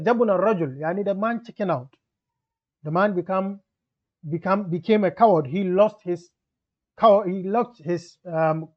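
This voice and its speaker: A man's voice: high voice, dull audio. A man teaching Arabic grammar. He explains step by step, repeats and rephrases his examples, and moves between English and Arabic grammar terms. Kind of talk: explanatory lesson.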